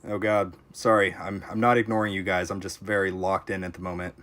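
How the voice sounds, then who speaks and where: A young man with a fairly low voice live-streams a tower defense game. He thinks aloud, answers his chat and breaks into sudden exclamations when the run gets tense. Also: flat delivery, a little fast, fairly bright tone. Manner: reactive, talks to chat while playing, frequent exclamations. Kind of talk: casual live-stream commentary.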